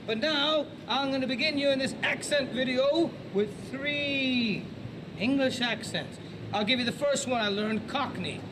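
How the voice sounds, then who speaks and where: An American man rambles and brags in a vlog, his voice pitched very high. He is far from the mic. Loud vehicle noise fills the background. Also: measured pace. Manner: boastful, rambling. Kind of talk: vlog talk to camera.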